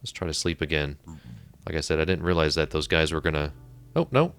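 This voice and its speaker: A man's voice: extremely low pitch, expressive, brisk, fairly bright tone, a little hiss or hum. A man casually commenting on his own gameplay as a let's play host, rambling and chatty, often breaking off mid-sentence. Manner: rambling, chatty, self-interrupting.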